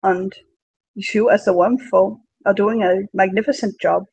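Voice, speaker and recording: High gravelly man, earnest. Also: fairly even intonation, a little mellow, no room sound, low-quality recording. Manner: earnest, halting pitch with fillers. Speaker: player. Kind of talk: in-character tabletop role-play.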